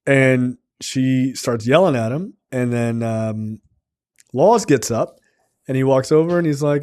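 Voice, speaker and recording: A man's voice: mid-range voice, unhurried, a little mellow. A man co-hosting a film podcast, retelling movie scenes in a loose, profane casual chat full of fillers. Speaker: podcast co-host reviewing a film.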